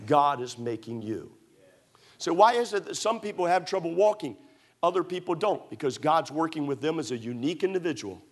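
Middle-aged preacher, fairly high voice, emphatic and repetitive, story-driven sermon delivery. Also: male voice, animated, a little fast. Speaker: pastor.

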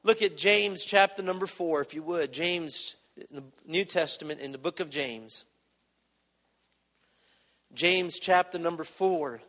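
High-voiced preacher in an echoing hall. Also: male voice, unhurried, long pauses, fairly bright tone. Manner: impassioned, rising and dropping in volume, acting out prayers. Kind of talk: sermon.

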